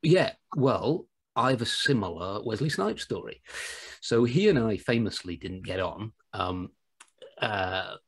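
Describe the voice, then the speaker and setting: British man, podcast host, husky voice, lowish pitch, animated, jokey storytelling. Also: measured pace. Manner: animated, jokey anecdote telling. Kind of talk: casual storytelling chat.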